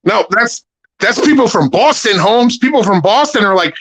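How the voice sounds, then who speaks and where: A high-pitched man rambles through crude jokes as a livestream guest. His voice is bright and sharp, and he trips over restarts as he gets going. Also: lively intonation, moderate pace, husky. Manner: rambling, joking, stammering restarts. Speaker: panel guest. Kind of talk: crude casual livestream banter.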